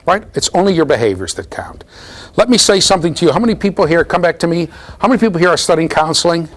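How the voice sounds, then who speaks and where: A middle-aged man giving a university lecture, animated and storytelling, often checking in with the class. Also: a little high, fast. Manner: animated storytelling, mimics voices, asks the class "right?". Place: lecture hall.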